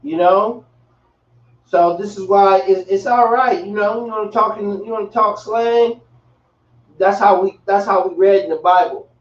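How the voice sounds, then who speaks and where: Male teacher, high voice, casual and slangy, recorded from across a dull room. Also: measured pace. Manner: relaxed, slangy, repeats himself. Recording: echoey, distant, dull room sound.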